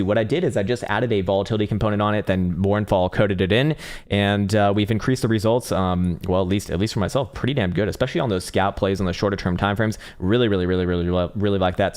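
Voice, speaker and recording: Male live-stream market host with a lowish voice, casual, rambling and profane. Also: darkish tone.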